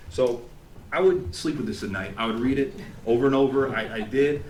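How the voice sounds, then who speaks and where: Animated man telling a story in an echoey hall. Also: mid-range voice, fast, slight background noise. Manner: animated, acts out quotes, laughs along. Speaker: graduating student giving a speech. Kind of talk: storytelling speech at an event. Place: event hall with an audience. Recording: echoey hall, faint ambience.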